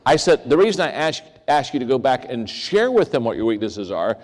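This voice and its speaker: An older man giving a leadership talk, telling stories and acting out the people in them with big swings in voice. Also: brisk. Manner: animated, acts out quoted voices with big pitch swings. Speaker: leadership speaker. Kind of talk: storytelling keynote talk. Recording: long reverb of a large hall.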